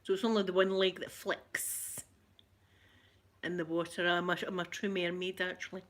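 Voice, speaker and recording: Hosting an ASMR livestream, this middle-aged Scottish woman with a Glaswegian accent talks in a fairly low, level voice at a moderate pace. Her chat with viewers is casual, full of repeated phrases and frequent laughter.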